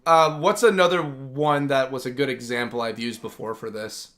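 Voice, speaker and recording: Medium in pitch with a fairly bright tone, this man talks at a moderate pace as the host of a gaming livestream. His chatter is casual and eager, rambling along with lots of "like."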